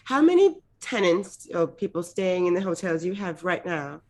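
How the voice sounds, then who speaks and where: A woman's voice: on the low side, very animated, normal speed, darkish tone. A woman player in a tabletop game, speaking in character with casual, hesitant questions. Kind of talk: tabletop role-play in character.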